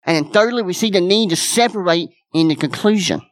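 A man's voice: high voice, brisk, no room sound. A man preaching a sermon as pastor, folksy and repetitive, with many restarts.

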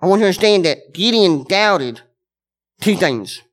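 A man's voice: high-pitched, expressive, normal speed. A man preaching a sermon, earnest and conversational, speaking directly to his congregation and repeating key words for emphasis.

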